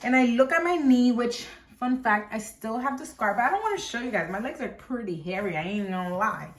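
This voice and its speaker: A young woman vlogger telling a casual storytime tale, animated and dramatic, peppered with "like". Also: a little high, a little fast. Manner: animated, dramatic, heavy use of "like". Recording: roomy echoing room.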